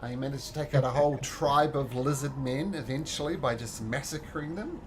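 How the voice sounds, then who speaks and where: A man narrating as game master in a tabletop game, relaxed and full of fillers. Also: mid-range voice, brisk, a little hiss or hum.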